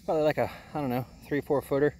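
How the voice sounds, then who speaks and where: A man giving casual, joking commentary outdoors by a pond while fishing, excitable and quick to chuckle. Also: a little high, slight background noise. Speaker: fishing vlogger.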